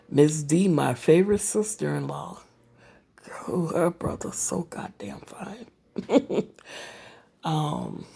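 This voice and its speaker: Slow, husky, gravelly-voiced woman in her forties. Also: low voice, darkish tone. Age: 40s. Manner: slow, rambling talk with many fillers and whispered asides. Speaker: vlogger. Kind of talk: casual personal vlog.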